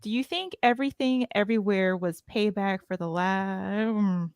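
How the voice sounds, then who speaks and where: A woman's voice: medium pitch, normal speed, clean tone, dry recording, studio quality. A woman on a podcast panel, chatting casually and often restarting her sentences. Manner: hesitant, restarts, apologetic.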